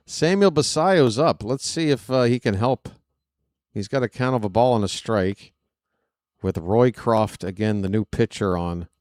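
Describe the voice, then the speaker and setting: A man doing fan play-by-play commentary of a baseball game, excitable and prone to rambling asides between pitches. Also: a little slow, pauses often, no room sound, clean studio sound. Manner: excitable, shouts on big plays, rambling asides.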